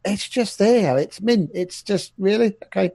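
A man's voice: sits high, measured pace, vocal fry, warm tone, no room sound. A man co-hosting a casual podcast with dry, dismissive humor. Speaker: podcast co-host.

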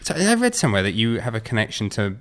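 Fast-talking deep-voiced male host. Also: wildly swooping pitch. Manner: conversational, prompting questions. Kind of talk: casual interview.

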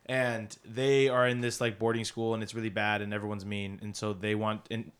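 A man's voice: fairly low pitch, flat delivery, normal speed, clean tone. A man co-hosting a podcast, retelling a story in a rambling, laugh-filled casual chat with many restarts. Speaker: podcast co-host.

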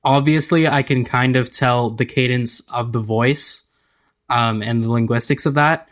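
A man taking part in a tabletop role-playing game, with a mid-range voice. He chats casually and quickly, asking questions and cracking jokes. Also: mid-range voice, steady tone. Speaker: player.

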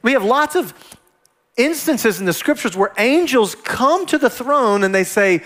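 A man preaching a sermon as pastor, acting out quoted dialogue with lively delivery. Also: sits high, brisk.

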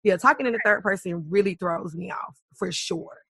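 Young woman co-host, gravelly and husky, bright tone, giggly casual storyteller. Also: mid-range voice, dry recording, clean studio sound. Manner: laughs often, drawn-out playful storytelling. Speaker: podcast co-host. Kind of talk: casual chat.

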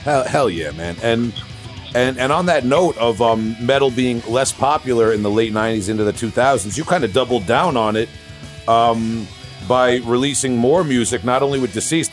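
Relaxed podcast host with frequent ums. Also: male voice, mid-range voice. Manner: friendly, hesitant with many ums. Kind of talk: casual interview.

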